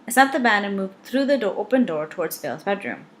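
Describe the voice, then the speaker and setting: A woman's voice: mid-range voice, sing-song, fast talker. A woman reading a novel aloud in first person, with a wry, dry delivery. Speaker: audiobook reader.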